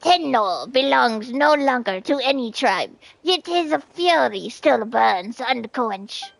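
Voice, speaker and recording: A solemn male cactus chronicler, put on by a woman recounting legends in a slow, peculiar voice. The delivery is unhurried and grave, with the voice pitched fairly high for a man. It sounds like a streamer lending a strange game character her own odd twist. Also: lively intonation, vocal fry, no echo, exaggerated voice, low-quality recording. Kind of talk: voicing game dialogue on a stream.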